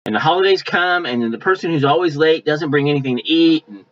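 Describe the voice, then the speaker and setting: Through dull lo-fi audio, a male pastor whose voice sits on the high side delivers a folksy, chatty sermon. Now and then he slips into quick asides imitating people who've taken offense.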